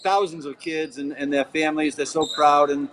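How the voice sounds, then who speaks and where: A man with a Rhode Island accent, a politician answering earnestly with halting phrasing. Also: on the high side, little pitch movement, a bit bright, low-quality recording. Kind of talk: casual interview answer.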